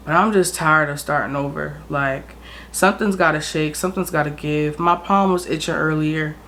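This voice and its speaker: A woman's voice: sits low, a bit bright, slight background noise. A woman in her twenties from South Jersey, chatting casually and candidly to her vlog camera. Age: 20s. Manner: candid, frank, swears freely. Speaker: vlogger.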